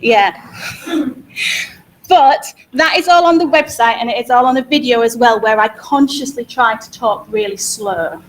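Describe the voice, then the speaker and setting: A woman with a Hull accent, a music teacher talking quickly and energetically to parents at a school information evening. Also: on the high side. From Hull, England. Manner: fast-talking, energetic, repeats words for emphasis. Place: school hall. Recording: echoey hall.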